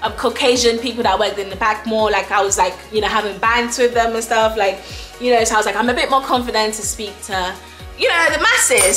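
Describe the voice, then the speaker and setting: A woman's voice: a little high, fairly quick, a bit bright, roomy sound, soft background music. A young woman from Ghana with a Ghanaian English accent, telling a casual storytime vlog, chatty and laughing often as she acts out exchanges. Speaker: vlogger.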